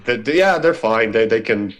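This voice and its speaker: A man co-hosting a podcast, chatting casually with friends and arguing his points with jumps in pitch. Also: animated, normal speed. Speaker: podcast co-host. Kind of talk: casual chat.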